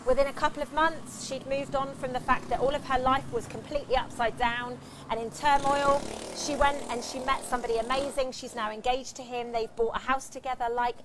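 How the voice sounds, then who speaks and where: A woman's voice: high voice, a little hiss or hum. A woman giving an impassioned motivational talk on a livestream, swearing freely. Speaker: livestream host.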